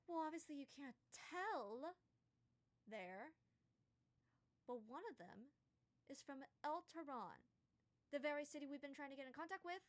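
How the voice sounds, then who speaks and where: A woman's voice: high voice, expressive, unhurried, long pauses, pitched above the performer's own voice. A woman voicing a hot-tempered, sarcastic female fire genasi who raises her voice. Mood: exasperated.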